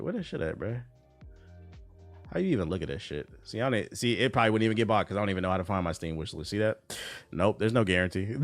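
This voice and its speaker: A man's voice: on the low side, creaky, no echo. Laid-back, profane male streamer, dry sound. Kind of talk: casual live-stream chat.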